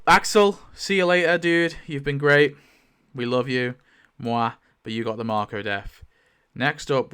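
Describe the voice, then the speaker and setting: Smooth-voiced man, rambling commentary. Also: mid-range voice. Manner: rambling, lively, many fillers and laughs. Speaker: YouTuber. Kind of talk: casual commentary while spinning a wheel.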